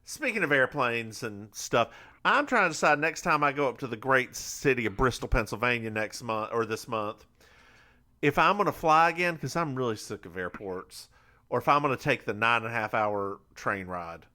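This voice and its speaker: A man co-hosting a podcast, recapping a TV episode in a campy, teasing, animated way. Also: mid-range voice, moderate pace. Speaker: podcast co-host. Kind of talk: casual chat recapping a TV episode.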